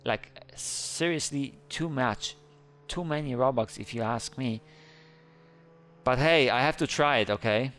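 A man giving excited, playful game commentary who squeals up high whenever he panics. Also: unhurried. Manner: squeals high when panicked, playful kid-friendly banter. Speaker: gaming YouTuber.

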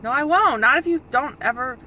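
A woman's voice: high voice, expressive, fairly quick, bright, forceful tone, a little hiss or hum, poor audio. A woman vlogging with her daughter, chatting casually and scolding her in a mock-stern, motherly way. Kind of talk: casual vlog chat.

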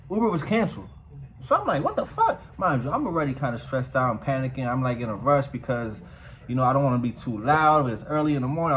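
A man vlogging casually, telling a story in a profane, animated way. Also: medium pitch, a little hiss or hum, rough recording.

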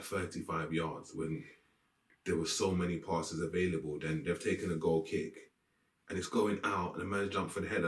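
A man's voice: low voice, roomy sound, far from the mic. A man giving a blunt, exasperated post-match rant about his team, swearing as he goes. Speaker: football fan reacting to a match. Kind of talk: ranting post-match reaction. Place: room with green screen.

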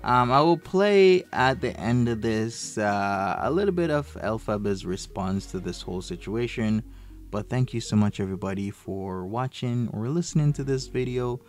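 A man's voice: lowish voice, lively intonation, moderate pace, faint music behind. A man hosting a commentary video, talking in an easygoing, hesitant way with frequent fillers. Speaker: commentary channel host. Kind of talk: casual commentary.

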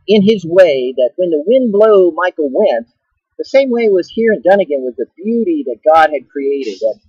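A man's voice: sits high, slightly rough, no room sound, dull audio. A middle-aged man with a joking, playful manner, preaching casually in a vlog from a rest stop and laughing often. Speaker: Christian video blogger.

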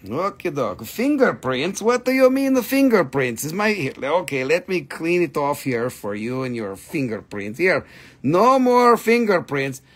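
A man's voice: on the high side, very animated, unhurried, fairly bright tone. A man hosting a live stream gem sale, with joking sales patter and a put-on quirky accent that comes and goes.

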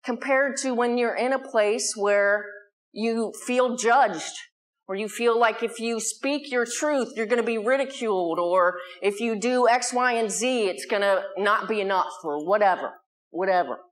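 A woman's voice: on the high side, unhurried. Earnest American woman giving a Sunday talk. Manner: earnest, conversational, asks the audience questions. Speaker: spiritual community leader giving a Sunday talk. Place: community hall before a live audience.

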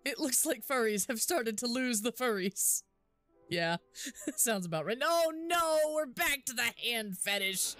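A woman's voice: on the high side, animated, measured pace, a bit bright, soft background music. A young woman streaming a game, chatting casually and giggling often while she thinks aloud with lots of fillers. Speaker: livestreamer. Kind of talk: casual live gameplay commentary.

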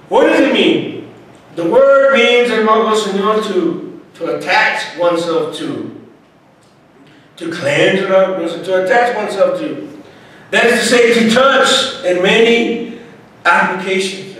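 A man's voice: sits high, lively intonation, measured pace, pauses often, a bit bright. A man teaching a Bible passage in a loose sermon style, often slipping in words and calling his listeners brother and sir. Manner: mixes Spanish into English, repeats "hermano, Señor". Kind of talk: informal Bible study preaching. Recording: very echoey room, distant mic.

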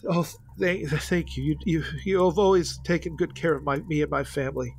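A man's voice: fairly high pitch, fairly even intonation, fairly quick, gravelly, slightly rough, low-quality recording. A man voicing a frail, grieving older lord who stammers and repeats himself. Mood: shaky. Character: frail grieving old male lord, trembling.

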